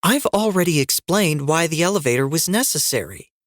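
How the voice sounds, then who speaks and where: A man putting on a fierce rebel woman who speaks with cutting determination, pitched well above his own voice in a slow, deliberate audiobook delivery. She sounds defiant and sarcastic, and the recording is close and dry. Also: animated, a bit bright, no room sound. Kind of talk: audiobook reading.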